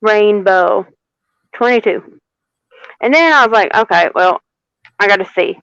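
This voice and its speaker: A woman giving a live tarot reading, unhurried and repeating phrases for emphasis. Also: medium pitch, expressive, a bit bright, smooth, no echo, muffled recording. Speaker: tarot reader.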